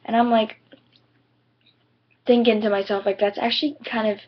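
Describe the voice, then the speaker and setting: Speaking at normal speed in a voice on the high side with little pitch movement, a teenage vlogger tells a story to camera. She's chatty and rambling, peppering it with "like" and "you know," and the webcam audio is dull and lo-fi.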